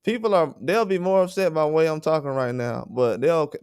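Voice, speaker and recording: A man's voice: a little high, fairly quick, darkish tone, smooth, dry recording, studio quality. Blunt, profane man ranting on a livestream. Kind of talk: heated livestream rant.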